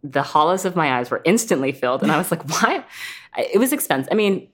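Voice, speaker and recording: Woman host, deep voice, animated, quick to laugh. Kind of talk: casual chat.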